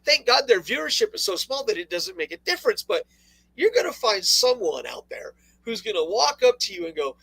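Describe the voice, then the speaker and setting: A man co-hosting a political talk radio show, talking casually with sarcastic, animated asides and laughs. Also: high-pitched, a little fast, creaky, husky, no room sound, poor audio. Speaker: co-host.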